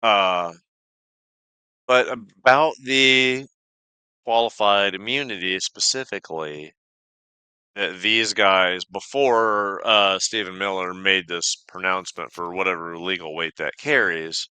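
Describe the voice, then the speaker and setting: A man co-hosting a casual political podcast, talking in a profane, animated, riffing way. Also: low voice, takes it slowly, clean tone, no room sound. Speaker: podcast co-host.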